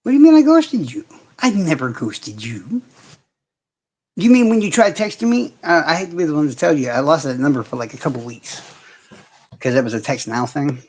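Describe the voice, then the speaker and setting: A man's voice: on the high side, very animated, a little fast, darkish tone. A man hosting a casual livestream, ranting in heavy profanity and answering viewers' comments directly. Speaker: livestream host.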